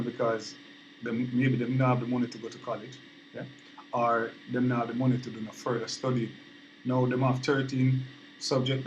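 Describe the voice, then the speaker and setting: A man's voice: medium pitch, slight background noise, poor audio. Earnest Jamaican man giving his opinion. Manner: earnest, repetitive, asks "you understand me?". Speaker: vlogger. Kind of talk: casual opinion monologue.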